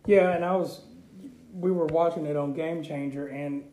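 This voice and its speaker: A man's voice: on the high side, steady tone, moderate pace, dark tone, reverberant, poor audio. A man co-hosting a casual sports talk show, recapping a game in a chatty, rambling way. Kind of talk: casual radio sports chat.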